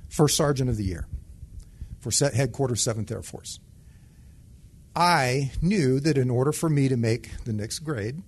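A retired Air Force sergeant telling a personal testimony in a conversational way and acting out the dialogue. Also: male voice, medium pitch, creaky, darkish tone, slight background noise. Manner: conversational storytelling that acts out dialogue.

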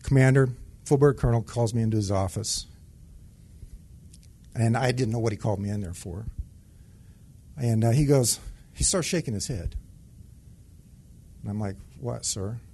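A man's voice: medium pitch, normal speed, pauses often, dark tone. Man, ex-Air Force, conversational testimony, mid-range voice, faint hum behind. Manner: conversational storytelling that acts out dialogue. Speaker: retired Air Force sergeant giving testimony. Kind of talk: personal testimony.

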